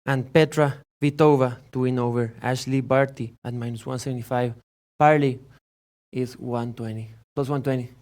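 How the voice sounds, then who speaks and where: A man voicing a hot-tempered male tennis bettor who yells insults and throws in Spanish curses. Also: medium pitch, steady tone, moderate pace, voice pushed down, close to an everyday voice. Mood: gruff. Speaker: guest handicapper character.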